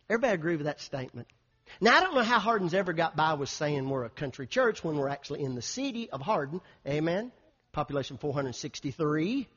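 A man preaching a sermon, calling out "Amen?" and swinging from loud urging to soft storytelling. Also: a little high, very animated, fast talker, slightly rough, lo-fi sound. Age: 50s. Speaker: pastor.

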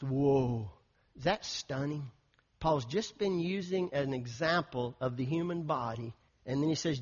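A man preaching a sermon, calling out "Amen?" and swinging from loud urging to soft storytelling. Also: mid-range voice, normal speed, dull audio. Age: 50s. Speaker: pastor.

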